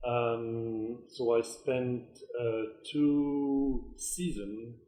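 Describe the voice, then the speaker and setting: A middle-aged man from southern France, speaking English with his southern French accent as a podcast guest, unhurried and hesitant with soft trailing endings. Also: medium pitch, steady tone, echoey room, rough recording. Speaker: guest wine consultant. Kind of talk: casual podcast interview.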